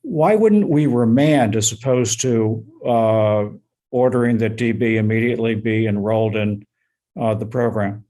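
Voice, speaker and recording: Halting, mellow-voiced male judge. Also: lowish voice. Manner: probing, halting questions with many fillers. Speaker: appellate judge. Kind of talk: courtroom oral argument questioning.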